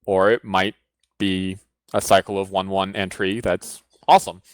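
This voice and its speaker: A man's voice: low voice, level tone, moderate pace, dry recording. A man co-hosting a casual card game podcast, hedging as he weighs ratings aloud. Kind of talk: casual panel discussion.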